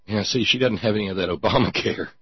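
A man's voice: lowish voice, fast, slightly rough, dry recording. A man hosting a talk show, mocking his topics in casual sardonic commentary and reading listener notes aloud. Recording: dull lo-fi sound.

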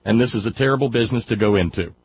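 A man's voice: fairly low pitch, rapid-fire, husky, no room sound, highs cut off. A man hosting a radio call-in show, chatting casually and joking reassuringly with a caller. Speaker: radio talk show host.

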